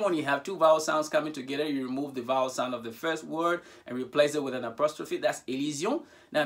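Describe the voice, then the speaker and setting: Male language teacher with a very lively, swooping voice; patient and repetitive with examples. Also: fairly high pitch. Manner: repeats each example aloud, speaking questions with a sharply rising voice. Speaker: French teacher. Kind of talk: bilingual grammar lesson.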